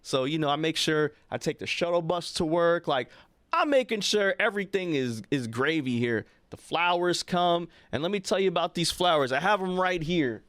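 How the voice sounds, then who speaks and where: A young man, co-hosting a podcast and telling a long personal story in a loose, animated way, often checking in with his co-host. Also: on the high side, moderate pace, no echo. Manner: animated, chatty, frequent "right?" asides to his co-host. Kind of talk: casual storytelling chat.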